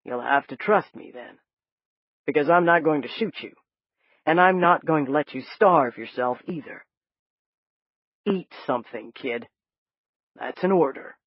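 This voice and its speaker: A narrator voicing a folksy, gruff but kind older man in an audiobook, talking in a plain-spoken drawl. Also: mid-range voice, unhurried, long pauses, dry recording, dull audio. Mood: firm. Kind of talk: audiobook character voice.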